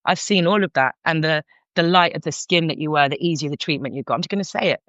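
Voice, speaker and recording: A middle-aged counsellor with a London accent, originally from North London, speaks fast in a deep voice as a podcast guest. Her candid story comes out frank and animated, with many restarts. There is no room sound, and the recording is dull lo-fi.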